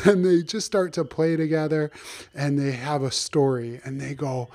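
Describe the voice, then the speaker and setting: A man's voice: fairly high pitch, moderate pace, mellow. A man telling an improvised children's story, speaking animatedly and asking the young listeners questions.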